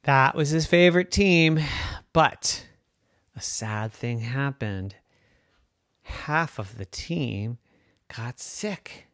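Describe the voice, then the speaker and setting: A storyteller making up a children's story as they go, slow and wandering, with pauses and restarts. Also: medium pitch, no echo, studio quality.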